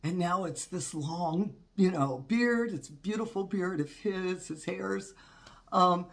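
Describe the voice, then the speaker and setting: A woman's voice: lowish voice, takes it slowly, gravelly. A woman in her fifties hosting a witchcraft channel, talking in a candid, rambling way while congested from a cold. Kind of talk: casual vlog talk.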